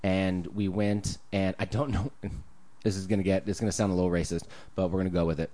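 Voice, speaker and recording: Animated swearing man telling stories. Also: low voice, fairly quick. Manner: animated storyteller, swears freely, jumps into loud put-on voices. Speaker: podcast co-host. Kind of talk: casual chat.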